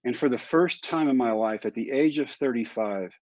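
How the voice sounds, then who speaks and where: A man in his fifties, a guest in an interview, telling his story in a lively way and acting out the dialogue. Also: medium pitch, moderate pace, no echo. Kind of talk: candid storytelling in conversation. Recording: dry, slightly dull sound.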